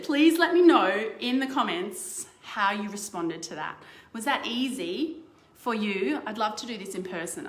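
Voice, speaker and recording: A woman's voice: medium pitch, fairly bright tone, reverberant. A woman presenting a live online workshop over a video call, chatty and playful, laughing often.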